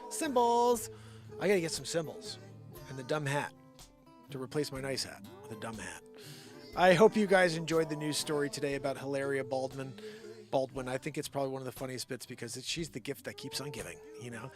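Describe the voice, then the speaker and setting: This man has a mid-range voice with lively intonation and speaks a little fast, with soft music playing behind him. Hosting a live show, he rambles jokily and keeps sliding into impressions, the kind of improvised comedy typical of a livestream.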